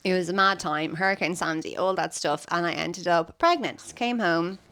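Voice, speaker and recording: A woman's voice: lowish voice, moderate pace. An Irish woman in her thirties, a comedian guest, chatting casually and telling stories animatedly. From Ireland. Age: 30s. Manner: animated storytelling, acts out voices. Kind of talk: casual podcast chat.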